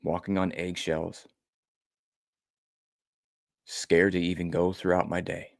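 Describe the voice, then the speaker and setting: A middle-aged man with a fairly low voice tells a personal story as a motivational speaker. His delivery is earnest and emotional, leaning on repeated phrases. The sound is close and dry, with no room around it. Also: level tone, takes it slowly, creaky, dry recording.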